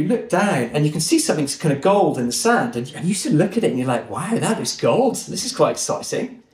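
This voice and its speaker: A man guest on a podcast, telling a story in an earnest, animated way. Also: a little high. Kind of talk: conversational storytelling. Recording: roomy echo.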